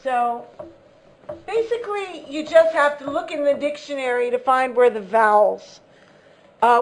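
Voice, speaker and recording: Woman English teacher, high voice, unhurried lesson delivery, patient and repetitive. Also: a little mellow. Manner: patient, repeats key words, checks understanding with "okay?". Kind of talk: classroom lesson explanation.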